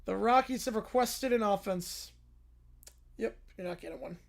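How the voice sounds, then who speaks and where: A woman hosting a casual livestream, reading silly stories aloud in an animated way and laughing often. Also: mid-range voice, normal speed, gravelly. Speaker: livestream host.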